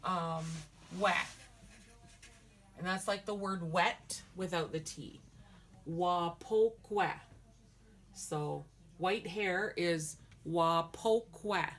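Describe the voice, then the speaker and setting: A woman's voice: fairly low pitch, slow, a bit bright. A woman teaching a language lesson, patiently repeating words syllable by syllable. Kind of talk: slow spoken language lesson.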